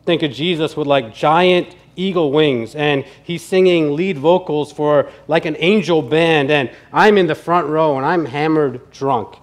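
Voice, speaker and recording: A man's voice: a little high, unhurried, few pauses, lightly acted. A pastor voicing a laid-back, party-loving male teammate who drawls in a dopey, enthusiastic way.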